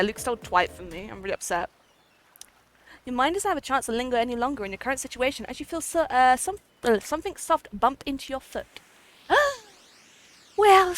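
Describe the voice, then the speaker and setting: Giggly high-voiced woman streamer. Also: a bit bright. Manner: giggly, playful, chatty. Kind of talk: live game stream, reading game text aloud. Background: faint game music.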